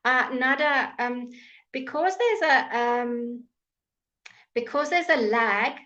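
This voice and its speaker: A woman with a high-pitched, sharp voice runs a live online English pronunciation lesson from home, heard muffled through a computer mic on the stream. Slow and patient, she says each word again and again for her students to copy.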